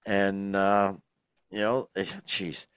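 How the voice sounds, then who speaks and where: A man's voice: deep voice, little pitch movement, extremely slow, a bit bright, clean tone, dry recording, clean studio sound. A middle-aged man, co-hosting a casual podcast and rambling through lots of fillers and restarts. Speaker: podcast co-host. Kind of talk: casual chat.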